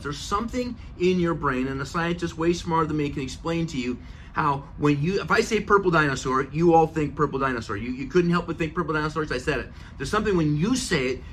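A man's voice: fairly high pitch, a bit bright, slight background noise. A middle-aged man hosting a motivational podcast, earnest and emphatic, repeating key phrases for effect. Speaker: podcast host. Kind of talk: motivational talk.

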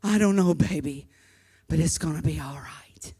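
A woman preacher voicing a gentle, reassuring father who speaks softly and stumbles over his words. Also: low-pitched, moderate pace, breathy edge, voice pushed down. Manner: hesitant, repeating words.

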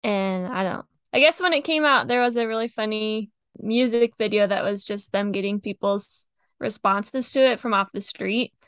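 A young woman co-hosting a podcast, chatty and quick to laugh. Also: mid-range voice, a bit bright, clean tone, no echo. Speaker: podcast co-host. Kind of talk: casual chat.

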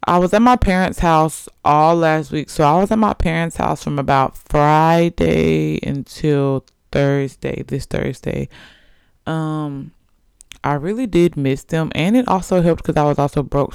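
Chatty young woman with gravelly fry. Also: low voice, a little mellow, dry recording, clean studio sound. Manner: chatty, laughs often, gossipy. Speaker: podcast host. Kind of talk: casual chat.

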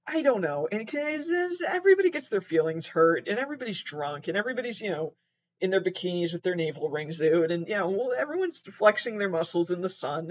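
A high-pitched, expressive man talks briskly as he reads aloud and riffs from his mattress at home. As host of this casual commentary, he rambles with sarcasm, self-deprecation and some swearing. The audio comes across dull.

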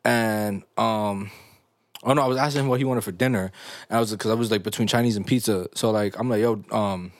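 Young man, podcast host, low-pitched, animated slangy storyteller, dry close-miked sound. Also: fast talker, dry recording. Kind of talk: casual podcast chat.

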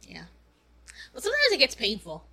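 A young woman with a very bright, high-leaning voice talks in casual chat. She rambles openly and swears freely as she co-hosts. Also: wildly swooping pitch, brisk, creaky, poor audio. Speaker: podcast co-host.

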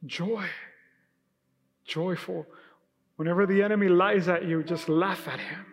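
Animated high-voiced preacher in a hall. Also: male voice, unhurried. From Hispanic heritage, Spanish speaker. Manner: casual, animated preaching with acted-out quotes. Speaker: pastor. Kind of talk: sermon. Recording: live church hall with reverb and faint music.

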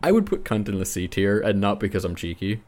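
A man's voice: on the low side, sing-song, brisk, a little mellow. A young man co-hosting a podcast, chatting casually in an easygoing, reasoned way. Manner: easygoing, reasoned, laughs along. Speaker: podcast co-host. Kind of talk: casual chat.

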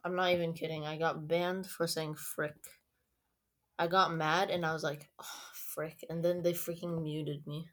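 A woman's voice: fairly low pitch, level tone, a little fast, few pauses, fairly bright tone. A teenage girl chatting casually into an online voice recorder, teasing and bossing a younger child. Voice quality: teasing, bossy.

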